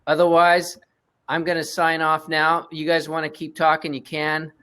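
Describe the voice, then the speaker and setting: A man's voice: fairly high pitch, monotone, normal speed, pushed and bright, smooth. A man hosting a film festival Q&A, giving upbeat, gracious thanks on a video call. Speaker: festival host. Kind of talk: closing remarks on a video call.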